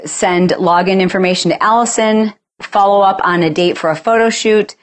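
A woman in her forties hosting a podcast, chatty and animated, casually talking through her routine and acting out bits of dialogue. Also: medium pitch, normal speed. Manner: chatty, animated, acts out dialogue with playful exaggeration. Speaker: podcast host. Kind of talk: casual solo talk.

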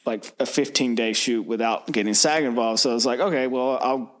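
A man's voice: medium pitch, fairly quick. A man, a filmmaker, talking casually and a bit hesitantly about making his film. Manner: easygoing, hesitant with fillers. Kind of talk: casual interview talk.

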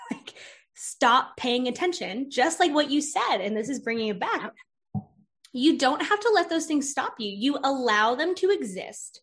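Direction: you're a woman hosting a podcast, bright and higher-pitched, chatting casually with energy and play. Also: normal speed. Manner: energetic, playful, uses vivid metaphors. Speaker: podcast host. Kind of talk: casual interview chat.

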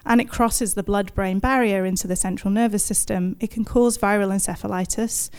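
A woman in her thirties gives a brisk, first-person account to an audience, told in the present tense with vivid detail, self-deprecating humor and bursts of laughter. Her medium-pitched voice has fairly even intonation and a darkish, clear, resonant tone.

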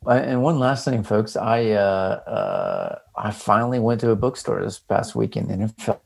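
A man's voice: on the low side, big pitch swings, moderate pace, vocal fry, darkish tone, breathy edge. A man co-hosting a casual book podcast, talking in a jokey, rambling way over a remote call. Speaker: podcast co-host. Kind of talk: casual chat.

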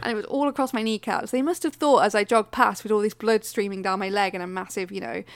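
A woman's voice: mid-range voice, steady tone, fast talker, creaky, dry recording. A woman co-hosting a podcast, telling a story in a chatty, self-mocking way with lots of laughter. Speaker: podcast co-host. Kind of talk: casual chat.

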